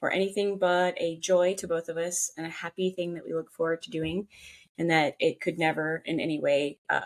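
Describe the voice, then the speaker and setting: A woman's voice: low voice, flat delivery, a little fast. A woman co-hosting a podcast, chatting casually and earnestly, often restarting her sentences. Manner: warm, earnest, stumbles and restarts. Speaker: podcast co-host. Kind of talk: casual chat.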